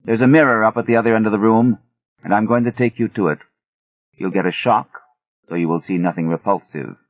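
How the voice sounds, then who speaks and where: A man's voice: lowish voice, a little fast, no room sound, lightly acted. A man voicing a grave, bearded older villager who speaks steadily and bluntly. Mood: earnest. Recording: thin phone-like audio.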